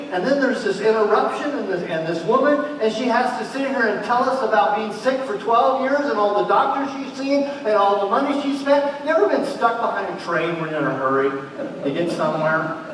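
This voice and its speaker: A man preaching a sermon as a pastor, animated and storytelling, acting out the people he quotes. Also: high-pitched, a little fast, slight background noise. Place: large church hall. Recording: echoey church hall, mic far off.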